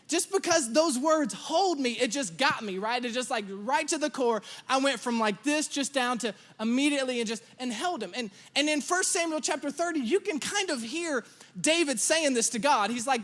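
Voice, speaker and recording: A man in his thirties preaching a sermon, telling a lively story about his children and acting out their lines. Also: very high-pitched, brisk. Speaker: pastor.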